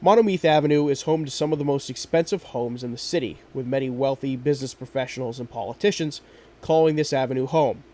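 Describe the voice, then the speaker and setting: Man, podcast host, true crime narration, measured and steady, mid-pitched voice. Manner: steady, measured storytelling with quoted lines.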